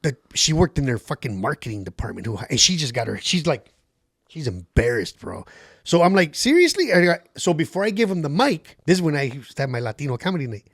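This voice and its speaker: A man's voice: medium pitch, animated, fast talker, dry recording, studio quality. A man, a comedian guest on a podcast, telling stories in casual chat, swearing a lot and acting out the voices of people in his anecdotes. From Los Angeles area.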